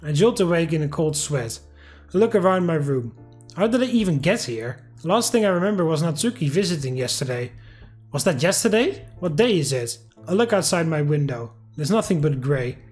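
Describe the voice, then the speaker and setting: A man reads a visual novel aloud for his gameplay channel, leaning earnestly into the text. His voice sits a little high for a man. Every so often he breaks off with wry, joking asides. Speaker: video game let's player.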